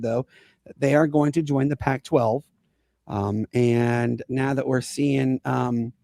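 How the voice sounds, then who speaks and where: An excitable man hosting a casual sports podcast, his fairly high voice carrying a gravelly edge. He tells stories with sudden bursts of loudness. The sound is close and dry. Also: no echo. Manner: excitable, storytelling, rising and falling loudly. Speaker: podcast host and youth basketball coach.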